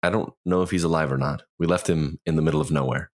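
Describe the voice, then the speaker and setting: A man's voice: a bass voice, steady tone, fast talker. A man playing in a tabletop game, speaking in a laid-back, dry way. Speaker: player. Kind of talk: casual tabletop play.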